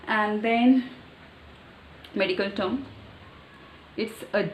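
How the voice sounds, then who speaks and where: Woman slowly repeating practice words. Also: mid-range voice. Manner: repeats words over and over, slow and deliberate. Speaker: vlogger practicing pronunciation. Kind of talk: casual practice vlog. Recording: echoey room, faint ambient noise.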